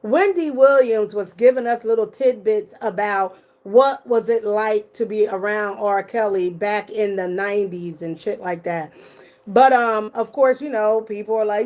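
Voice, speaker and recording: A woman's voice: medium pitch, measured pace, a little mellow. A middle-aged woman giving casual, blunt and profane commentary as a YouTuber.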